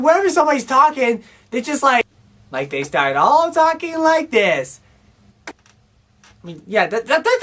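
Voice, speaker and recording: A woman giving a casual, exasperated movie review, rambling and full of fillers as she complains. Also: high-pitched. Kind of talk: casual film review rant.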